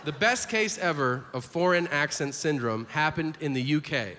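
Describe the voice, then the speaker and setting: A man's voice: fairly high pitch, normal speed, sharp tone. A man doing a crude, mock-indignant stand-up comedy set. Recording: live stand-up in a big hall with noise.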